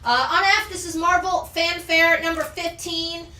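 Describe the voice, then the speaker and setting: A high, bright-voiced woman hosts a live comic sale, enthusiastic and chatty as she runs through issues and prices. She sounds a little off-mic in a roomy space. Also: fairly even intonation, unhurried, far from the mic. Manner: enthusiastic, chatty, rattles off item details. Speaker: host selling comics on a live show. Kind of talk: live sales pitch. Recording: roomy, off-mic, faint background noise.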